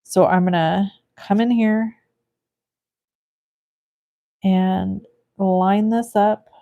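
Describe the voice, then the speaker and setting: The recording is muffled as a California woman hosts a live card-making session, chatting and thinking aloud while reading comments from viewers. She speaks very slowly in a mid-range voice with fairly even intonation and some vocal fry.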